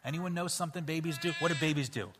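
A man leading an interactive children's Bible story in church, playful and coaxing as he cues the kids to shout sound effects. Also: a little high, quick pace, noisy background. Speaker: children's pastor. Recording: hall reverb with faint music.

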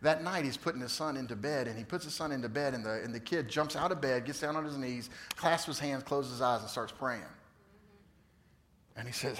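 A man in his fifties preaching a sermon, telling stories with lively swings from loud emphasis to hushed tones. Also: medium pitch, fairly quick, slight background noise. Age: 50s. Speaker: pastor. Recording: long reverb of a large hall.

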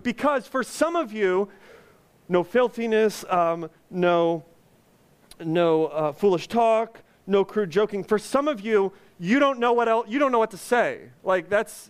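Male pastor, high voice, slow deliberate delivery, earnest sermon, joking asides. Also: smooth. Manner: earnest, conversational preaching with humor.

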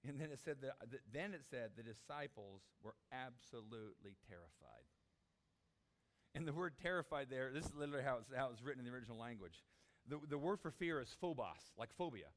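A man preaching a sermon, animated, acting out the disciples' desperate cries. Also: medium pitch, a little fast. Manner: animated, acts out voices of the disciples. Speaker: pastor.

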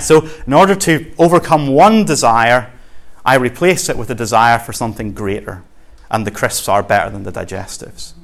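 A Scottish man preaching in a relaxed, chatty manner. His voice sits at a middling pitch, and he leans earnestly into his points with everyday examples. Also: normal speed. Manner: conversational and earnest, with homely examples. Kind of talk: sermon.

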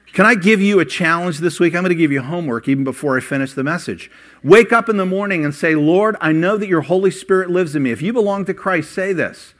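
An older man preaching a sermon, voice rising for emphasis and dropping low while he tells personal stories. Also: a bit bright. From Ohio. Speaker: pastor.

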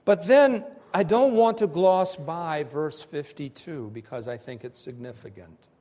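A man preaching a sermon in slow, emphatic phrases that swell and drop with pauses between them. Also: fairly high pitch, dark tone, in a large hall. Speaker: pastor.

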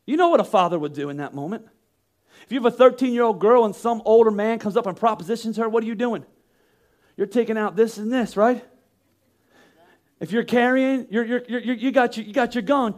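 A man with an unusually high voice delivers a sermon with emphatic, rhetorical force. He is in his thirties and keeps slipping into the voices of the people he quotes. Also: fairly quick, pauses often. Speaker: pastor.

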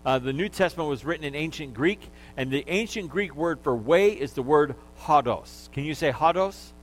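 A man's voice: on the high side, animated, moderate pace, rough recording. A male pastor preaching a sermon, teaching in an easy manner, getting listeners to repeat words after him and joking along the way.

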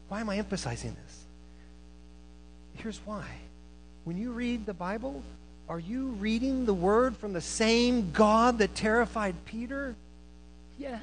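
A man preaching a sermon to a church, animated, moving between loud emphasis and quiet asides, who also teaches college students. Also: sits high, a little slow, slight background noise, rough recording.

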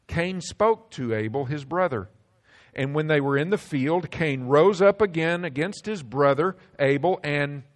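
Pastor, male, slightly raised pitch, preaching with dramatic loud-soft swings. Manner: preaching with dramatic swings between loud emphasis and hushed drops. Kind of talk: sermon.

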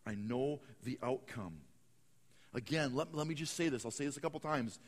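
A man preaching a sermon, swinging from hushed, slow lines to loud, dramatic bursts. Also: mid-range voice, big-room sound. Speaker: pastor.

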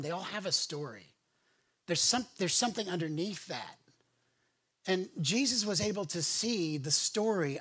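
A male pastor delivers his sermon like he's telling a story to friends. His voice sits a little on the high side, and he often repeats or restarts a word as he goes. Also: fairly bright tone. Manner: storytelling, conversational with many restarts. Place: church sanctuary.

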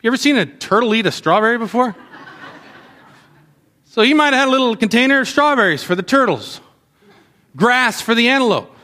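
Man, sermon for children, animated, quizzing the kids, high pitch. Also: fairly quick, long pauses. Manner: animated, asks the kids questions.

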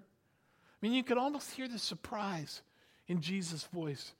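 A man preaching a sermon, animated, building up loud then dropping to hushed emphasis, and having the congregation repeat words after him. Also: high voice, a little slow, pauses often. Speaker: pastor.

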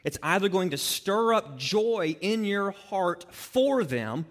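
A man preaching a sermon as a pastor, animated and acting out the people he quotes. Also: high voice, slow. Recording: long hall reverb.

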